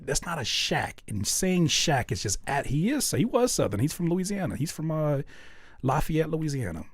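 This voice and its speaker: A young man hosting a livestream, talking in a loose, joking way and repeating himself as he riffs. His voice is slightly husky and rises and falls a lot. The sound is close and dry, with no room echo. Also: normal speed. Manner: animated, jokey, repeats himself, swings between loud outbursts and low mutters. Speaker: host reviewing music submissions. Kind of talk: casual livestream chat.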